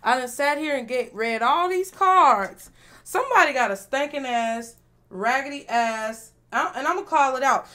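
A woman's voice: high voice, moderate pace, fairly bright tone. A woman giving a tarot reading to her viewers, speaking bluntly and emphatically with a lot of profanity. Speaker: tarot reader.

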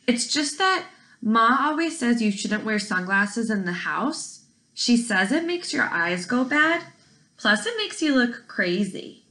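Hesitant curious boy, read by a woman, storybook, bright. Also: a little high, big pitch swings, unhurried, voice pushed up, full character voice. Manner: hesitant, asking.

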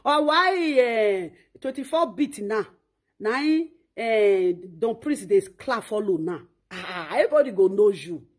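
This online commentator's ranting monologue, in a Nigerian Pidgin English accent, is full of mocking insults and scolding, and she talks about herself in the third person. Her voice is mid-range and animated, and she takes her time.

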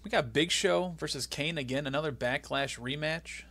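A crowd can be heard behind this young man, whose voice is fairly high and paced moderately. As co-host of an informal podcast, he energetically walks through a wrestling match, laughing as he goes.

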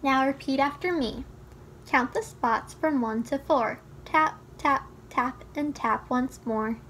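A woman reading a children's storybook aloud in a gentle, teaching tone that speaks straight to the child listener. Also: sits high, slow pace, a little hiss or hum. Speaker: children's book reader.

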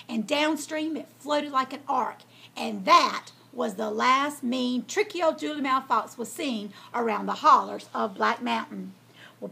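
A woman's voice: high voice, gravelly, husky. Folksy woman reading a storybook. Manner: folksy and lively. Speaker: storyteller host.

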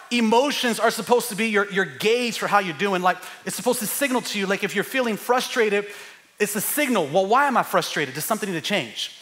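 Middle-aged male pastor, high and bright, animated preaching style that rises to shouts. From United States. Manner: energetic, joking, builds to shouting. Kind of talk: sermon. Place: church sanctuary.

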